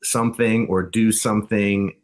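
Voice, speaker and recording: A man's voice: lowish voice, flat delivery, moderate pace. A man guesting on a podcast, telling rambling anecdotes and laughing often in casual chat. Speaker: guest, band frontman.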